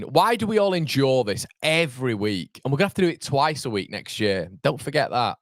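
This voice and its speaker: A man in his thirties hosting a live football watchalong, chatting with viewers in an animated, rambling way that jumps between laughter and fed-up rants. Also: on the high side, fast, no room sound, clean studio sound. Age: 30s. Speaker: fan channel host.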